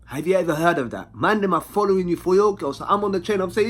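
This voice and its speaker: A young man with a London accent telling a personal story in a slangy, animated way, full of tag questions. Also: high-pitched, fast, hardly any pauses. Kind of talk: casual anecdote.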